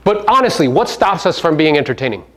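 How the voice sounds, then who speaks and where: A man coaching a live audience at a seminar, brash and profane, firing rhetorical questions at the room and swinging between loud punches and low asides. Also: sing-song, fast talker. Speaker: real estate coach and podcast host.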